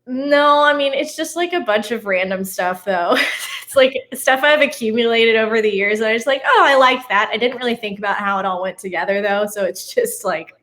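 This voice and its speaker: A woman's voice: fairly high pitch, fairly quick, fairly bright tone. Giggly chatty woman guest. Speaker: guest sports analyst. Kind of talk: casual sports podcast chat.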